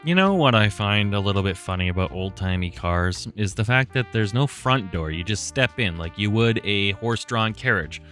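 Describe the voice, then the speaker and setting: Rambling man with a lively voice. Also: lowish voice, normal speed, hardly any pauses, soft background music. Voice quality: speech impediment. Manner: rambling, joking asides. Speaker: gaming video host. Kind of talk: casual let's-play commentary.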